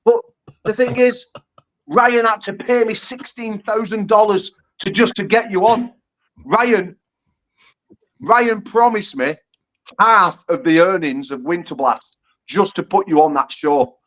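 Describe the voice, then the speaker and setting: Crude, mocking British man, high voice. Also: a little slow, pauses often, fairly bright tone, muffled recording. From United Kingdom. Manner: mocking, crude, laughing, stumbling restarts. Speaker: guest arm wrestler. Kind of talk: profane trash talk on a call-in show.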